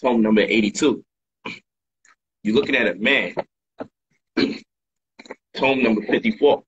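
A man's voice: mid-range voice, a little slow, husky, muffled recording. A man hosting a casual livestream monologue, emphatic and repetitive in his talk, full of slang. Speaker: livestream host and author.

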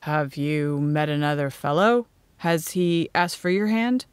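A woman's voice: a little slow, clean tone, no echo. A woman voicing an eager, earnest young man in an audiobook. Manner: steady, low-pitched storybook dialogue.

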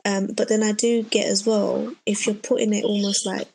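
Young woman, flat husky gravelly voice, measured and hedging. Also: medium pitch, no room sound. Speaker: podcast co-host. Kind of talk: casual chat.

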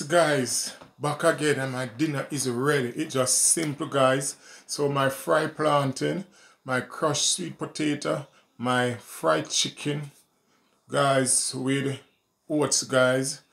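A man's voice: mid-range voice, fairly even intonation, slow, vocal fry, fairly bright tone, reverberant. A man showing his home-cooked dinner, talking casually to viewers and saying "guys" at nearly every turn. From Jamaica. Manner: repeats "guys" constantly, simple homely commentary. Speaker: home cooking vlogger. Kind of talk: casual cooking demonstration. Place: home kitchen.

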